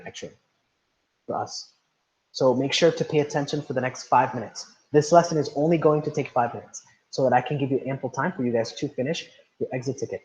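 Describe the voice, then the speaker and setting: A man's voice: on the high side, dark tone, dull audio. A man teaching an online class, patient, often checking understanding with "right?". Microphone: video call.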